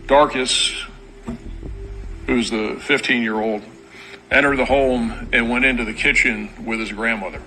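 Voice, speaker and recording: A bright, forceful male voice delivers a formal press briefing at a podium microphone. He is matter-of-fact and methodical, slipping in dry, sarcastic asides. His pitch sits in the middle range for a man. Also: steady tone, measured pace, pauses often, rough recording. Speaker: law enforcement spokesman at a press briefing.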